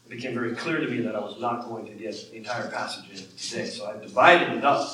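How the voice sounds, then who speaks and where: A man's voice: on the low side, fast talker, pushed and bright, slight background noise. A man, a pastor, preaching a sermon in a conversational way that rises when he quotes scripture. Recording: echoey room from far off.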